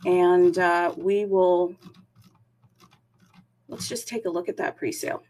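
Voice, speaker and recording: A woman livestream host keeps a crypto chat casual and upbeat, welcoming viewers one city at a time and speaking to them with lots of fillers, conscious of her fast talking. Her voice is on the low side and darkish, with little pitch movement.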